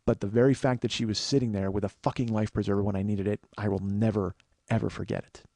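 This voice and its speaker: Fast-talking profane male storyteller. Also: lowish voice, fairly even intonation, creaky, mellow, dry recording. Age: 40s. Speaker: podcast host. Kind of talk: storytelling monologue.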